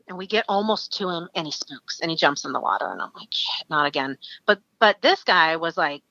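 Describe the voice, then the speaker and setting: A woman from Alaska, a podcast guest, telling a story in a lively, chatty way. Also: on the low side, no echo, lo-fi sound. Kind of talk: casual storytelling.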